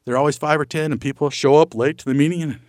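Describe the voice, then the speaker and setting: A middle-aged man gives a folksy motivational talk. His voice sits a bit high for a man and comes through dry and close, with no room around it. He keeps asking rhetorical questions and acts out the people in his stories. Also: fairly even intonation, fast talker, a little mellow, no room sound. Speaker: motivational speaker.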